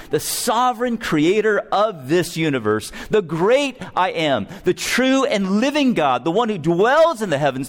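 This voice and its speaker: Slow, animated male preacher. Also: on the high side. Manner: emphatic, deliberate expository preaching. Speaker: pastor. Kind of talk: sermon.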